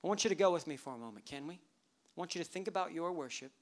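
A man's voice: a little high, expressive, rapid-fire. A man in his thirties preaching a sermon as a pastor, telling stories with humor and acting out the inner thoughts of people in worship. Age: 30s.

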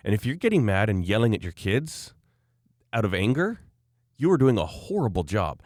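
Emphatic, opinionated low-voiced man. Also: very animated, moderate pace, darkish tone, no echo, clean studio sound. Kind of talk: casual podcast chat.

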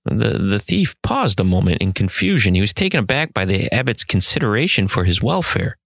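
A man hosting a podcast, telling a story and giving mindfulness advice in a gentle, reflective way. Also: fairly low pitch, big pitch swings, brisk, vocal fry, no room sound, studio quality. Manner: gentle and reflective, with soft hesitations. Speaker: podcast host.

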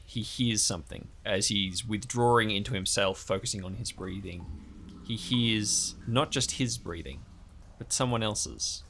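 A man's voice: fairly low pitch, bright, forceful tone, a little hiss or hum. A young man narrating a tabletop game as game master, describing scenes in a suspenseful storytelling manner.

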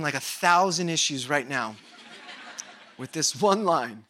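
Bright, animated male pastor preaching. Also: on the high side, measured pace, pauses often. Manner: animated, acts out dialogue, swings between loud and hushed. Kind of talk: sermon.

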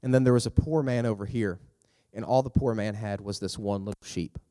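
A man giving a youth sermon in a lively, storytelling manner, acting out the characters as he talks. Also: a little fast. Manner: animated, acts out characters with big pitch jumps. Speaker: youth pastor. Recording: long hall reverb.

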